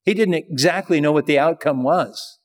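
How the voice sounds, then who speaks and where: A man preaching a sermon in a conversational way, slowing down to read scripture aloud. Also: on the high side. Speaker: pastor.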